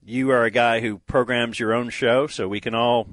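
A man's voice: mid-range voice, fairly even intonation, moderate pace, fairly bright tone, dry recording. A man hosting a radio show, blunt and wry as he steers the talk. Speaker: radio host. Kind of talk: casual radio banter.

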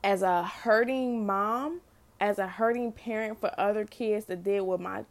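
A middle-aged woman with a gravelly, fry-laced voice speaks straight to her listeners in an unscripted faith testimony. She is earnest and personal, circling back over her words and restarting phrases as she goes. Her pitch sits in the middle range. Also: a little slow. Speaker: mother sharing a faith message.

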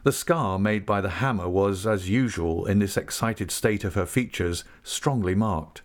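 A man narrating a classic novel as an audiobook reader, in a measured, expressive storytelling manner. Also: on the low side. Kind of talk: scripted narration.

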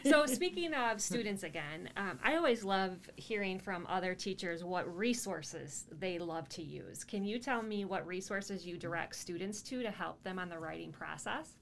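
A woman's voice: medium pitch, expressive, gravelly. A woman hosting a podcast who asks a guest questions in a friendly, casual way. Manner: friendly questioning, quick affirmations. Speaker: podcast host. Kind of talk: casual interview.

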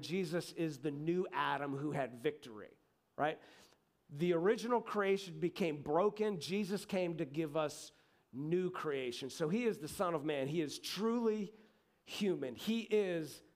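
A middle-aged pastor preaching with animated, chatty storytelling, often checking in with the congregation. His voice sits fairly high for a man, rising and falling as the story builds. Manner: animated storytelling, conversational asides. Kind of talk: sermon.

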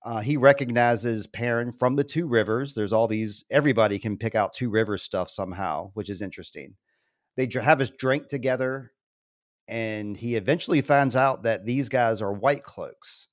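A man's voice: mid-range voice, normal speed, dry recording, studio quality. A man recapping a TV episode in casual podcast chat, rambling and laughing often. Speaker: podcast co-host.

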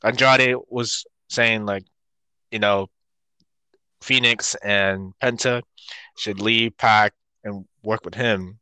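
A man's voice: fairly low pitch, fairly even intonation, takes it slowly, pushed and bright, clear, resonant tone, no echo. A man co-hosting a casual chat, talking hesitantly with many fillers.

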